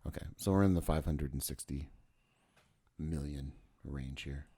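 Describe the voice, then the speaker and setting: A man's voice: a bass voice, measured pace, warm tone, slightly rough. A man co-hosting a podcast in casual, joking chat. He swears and stumbles over his words. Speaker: podcast co-host.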